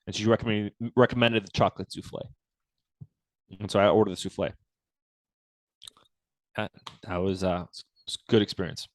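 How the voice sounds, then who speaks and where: A man's voice: moderate pace, pauses often, no echo. A man, a company founder, telling a story from his own life in a casual interview and acting out the quoted dialogue. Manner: relaxed storyteller, acts out quoted dialogue with lively pitch jumps.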